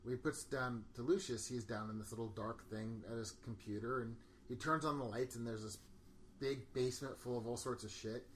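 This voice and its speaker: A man co-hosting a casual podcast, rambling excitedly about a film, often laughing and quoting lines from it. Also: mid-range voice, brisk, a little hiss or hum. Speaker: podcast co-host. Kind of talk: casual movie discussion.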